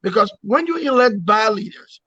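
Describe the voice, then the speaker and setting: A man with a high-pitched voice makes his case in an interview. He speaks like an orator, repeating phrases and firing rhetorical questions. The sound is dry and dull, with no room echo. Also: lively intonation, normal speed, sharp tone, husky. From Liberia. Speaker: opposition movement leader, guest. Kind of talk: political interview.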